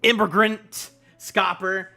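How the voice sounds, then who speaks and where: A man streaming a live comic reaction in a goofy, animated way, laughing often. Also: high-pitched, takes it slowly, vocal fry, soft background music.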